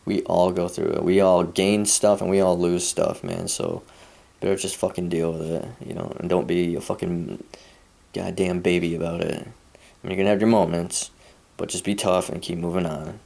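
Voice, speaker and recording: A young American man vlogs a casual rant, a crude, profane, rambling monologue. His voice is low and warm with vocal fry, and he talks at a normal speed.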